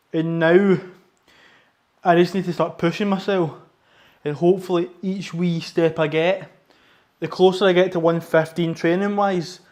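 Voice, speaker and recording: A man's voice: a little high, a little mellow. A young Scottish man chatting casually about his training in a gym, rambling and correcting himself, on a lapel mic. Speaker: powerlifting vlogger. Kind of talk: casual gym vlog chat. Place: gym, indoors. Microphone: wireless lapel mic under t-shirt.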